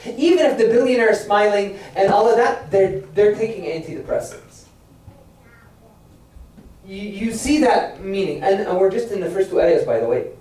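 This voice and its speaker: A man's voice: high voice, animated, normal speed, a little mellow. A man giving a religious lecture that explains Quranic verses, firing rhetorical questions and acting out quoted voices. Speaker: religious teacher. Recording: very echoey, far from the mic.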